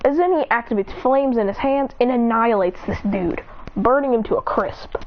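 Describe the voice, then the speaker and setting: A woman excitedly retelling a fan story in long run-on sentences. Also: fairly high pitch, moderate pace, lo-fi sound, a little hiss or hum. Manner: rambling run-on narration.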